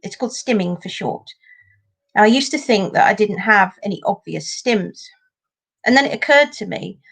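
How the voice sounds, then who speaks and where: Dry, sarcastic woman doing stand-up. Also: medium pitch. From northern England. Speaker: stand-up comedian. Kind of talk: deadpan stand-up set. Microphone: home video call.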